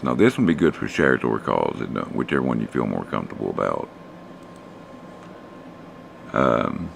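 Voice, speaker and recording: A man, hoarse and losing his voice, casually talking through stock charts for a live stream audience. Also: rumbling low, a little hiss or hum. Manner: relaxed, rambling, talks to chat viewers.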